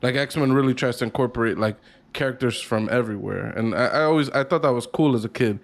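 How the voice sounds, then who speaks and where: A man's voice: medium pitch, quick pace. A man co-hosting a gaming podcast, rambling in casual chat with lots of swearing and restarts. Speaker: podcast co-host.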